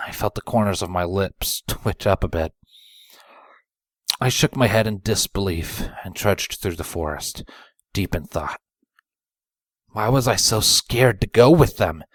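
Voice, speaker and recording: A man reading a fan story aloud, narrating in the first person in a quiet, brooding way. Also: lowish voice, dry recording. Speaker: fanfiction reader.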